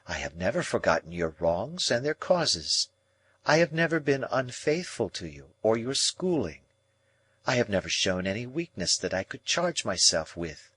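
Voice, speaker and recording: A man voicing a proud young woman who speaks in a calm, measured, reproachful way in an audiobook. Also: lowish voice, slightly rough, full character voice. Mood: cool.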